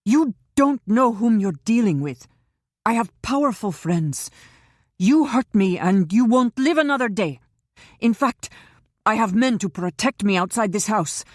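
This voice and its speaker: A woman's voice: mid-range voice, sing-song, measured pace, darkish tone, husky, no room sound, studio quality, pitched above the performer's own voice, heavily acted. A woman voicing a panicked, boastful middle-aged male captive, frantic and pleading, then blustering. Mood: defiant.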